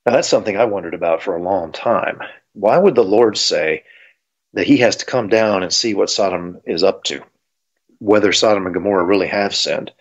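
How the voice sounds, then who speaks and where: On a dull, lo-fi recording, a man explains the Bible conversationally, using fillers as he thinks aloud. His voice sits low and moves at normal speed.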